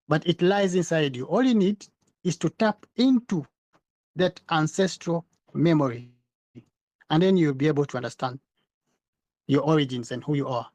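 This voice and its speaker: Earnest man explaining, slightly high voice. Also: darkish tone, dry recording. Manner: earnest, explanatory, repeats and restarts words. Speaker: podcast host. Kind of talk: casual discussion.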